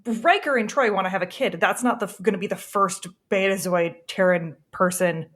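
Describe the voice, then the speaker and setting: A woman's voice: mid-range voice, moderate pace, fairly bright tone. Chatty woman on a podcast. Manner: chatty, laughs often. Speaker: podcast co-host. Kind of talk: casual chat.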